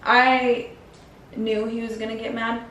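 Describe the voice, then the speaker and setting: A woman's voice: a little high, flat delivery, measured pace, a bit bright, far from the mic, slight background noise. A woman vlogger telling a personal story in a frank, slangy, casual way. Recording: roomy, mic set back.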